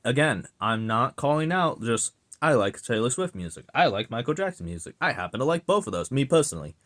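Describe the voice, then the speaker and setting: A young man rants to his viewers in a loose, off-the-cuff way. He swears freely and sounds exasperated, with a sarcastic edge. His voice sits at a middle pitch for a man. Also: sing-song, a little fast, a bit bright. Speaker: vlogger ranting. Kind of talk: casual rant to camera.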